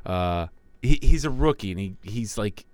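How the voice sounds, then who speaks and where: A man's voice: fairly low pitch, expressive, normal speed, a little mellow, dry recording. A man co-hosting a casual podcast, retelling a friend's story in a rambling way and chuckling often. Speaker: podcast co-host.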